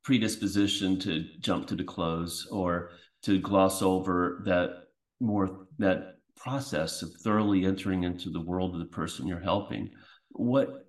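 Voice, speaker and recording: A man's voice: sits low, recorded from a distance. A man hosting a podcast, reflecting back what he heard and asking thoughtful questions. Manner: thoughtful, restates and reflects, with small restarts. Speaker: podcast host. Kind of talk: interview questions.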